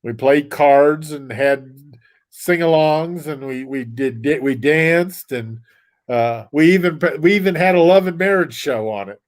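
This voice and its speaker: A man's voice: a little high, a little slow. A man talking as a guest on a livestream, rambling in a casual way with lots of restarts and small chuckles. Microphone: desk mic.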